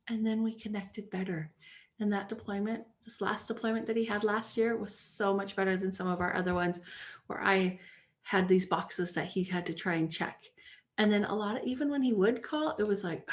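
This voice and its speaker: A woman talks through her own podcast in an easy, conversational way. Her pitch sits in a middle range for a woman. She is chatty and animated, and she slips into quoted dialogue to act out little exchanges. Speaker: podcast host and life coach. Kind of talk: casual podcast monologue.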